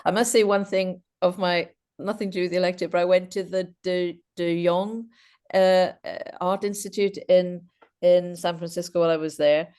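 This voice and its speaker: Low-voiced woman on a video call. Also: steady tone, normal speed, a little mellow, clear, resonant tone. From Britain, half Welsh half Scottish. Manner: chatty anecdotal storyteller with frequent false starts. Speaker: guest speaker. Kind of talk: informal Q&A chat.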